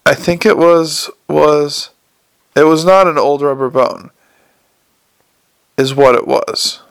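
A man voicing a wry, quick-witted young man in an audiobook, with a dry delivery. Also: on the high side, gravelly, clean tone. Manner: wry, dry, sometimes uncertain.

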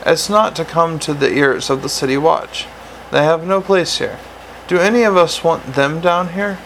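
A man's voice: on the high side, normal speed, a bit bright, slight background noise, low-quality recording. A man reading the part of a secretive, scornful male dwarf, speaking urgently and conspiratorially.

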